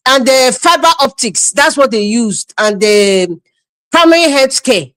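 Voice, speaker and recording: A woman's voice: high voice, expressive, unhurried, a bit bright, dry recording. Scolding Nigerian woman commentator. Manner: scolding, mocking, laughs often. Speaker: livestream commentator. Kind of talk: political commentary livestream.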